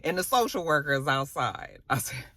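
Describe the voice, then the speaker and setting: Woman doing a chatty recap vlog, voice jumps all over, bright and dry close sound. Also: low voice, normal speed, dry recording. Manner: animated, slangy storytelling with asides. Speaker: TV episode reviewer.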